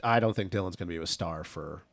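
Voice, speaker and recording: A man co-hosting a casual motocross show in a small studio, thinking out loud and circling back to the same question. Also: deep voice, gravelly, no room sound. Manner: quick, musing, repeats questions. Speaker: podcast co-host. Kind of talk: casual chat.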